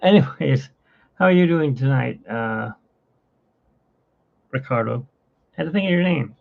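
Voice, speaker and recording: A man's voice: mid-range voice, animated, measured pace, gravelly. A man hosting a casual livestream from his phone, rambling and chatty with frequent laughs, in dull lo-fi phone audio. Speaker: livestream host.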